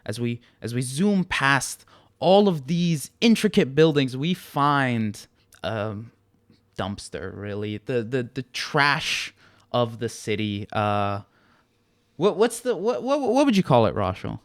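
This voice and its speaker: A man's voice: medium pitch, sing-song, takes it slowly, dry recording, studio quality. A man narrating as game master, describing scenes in detail and sometimes repeating words as he thinks.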